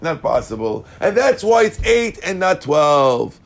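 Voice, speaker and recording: Animated man teaching a Talmud class. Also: on the high side, unhurried, gravelly. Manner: animated, checks in with listeners; mixes Hebrew and Aramaic terms into English. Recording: class recording.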